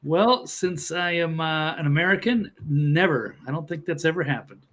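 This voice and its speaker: A man's voice: fairly high pitch, moderate pace, a bit bright. A man co-hosting a casual podcast chat in an easygoing, laid-back way. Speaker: co-host.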